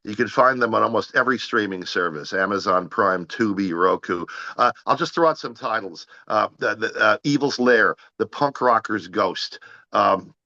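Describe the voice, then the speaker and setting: A man with a very low voice and a bright, forceful edge tells a long story as an interview guest. He rambles, restarts his sentences and repeats words as he goes. The sound is dull and muffled, with a dry, close feel. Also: animated, normal speed, dry recording.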